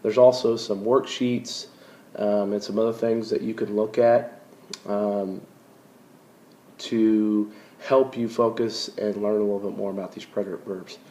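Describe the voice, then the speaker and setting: Teacher, male, low voice, deliberate pronunciation, echoey muffled home recording. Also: flat delivery, dark tone. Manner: slow, careful pronunciation of Spanish words. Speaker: Spanish teacher. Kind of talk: recorded classroom lesson. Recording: roomy, dull lo-fi recording.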